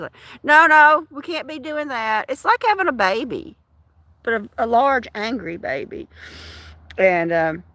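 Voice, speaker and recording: A woman's voice: mid-range voice, fairly bright tone, no echo. A woman host on a livestream, ranting in an indignant, emphatic, casual way. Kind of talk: casual ranting live chat.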